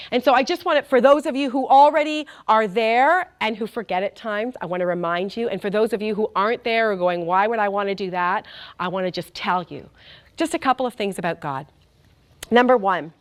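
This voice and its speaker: A woman giving an earnest sermon-style talk with stories, speaking straight to her listeners and repeating key phrases for emphasis. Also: a little high. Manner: earnest, addresses the audience directly as "you guys".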